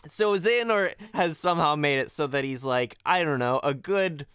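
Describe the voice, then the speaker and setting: A man's voice: a little high, normal speed, a bit bright, smooth, dry recording, clean studio sound. A man co-hosting a podcast in a casual chat, explaining events at length with many fillers. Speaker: podcast co-host. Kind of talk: casual chat recapping a video game.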